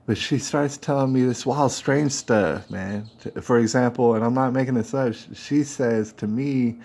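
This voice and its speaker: A man's voice: mid-range voice, normal speed, darkish tone. A man, the host, telling a personal story in a casual, slangy way and acting out the dialogue. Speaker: podcast host.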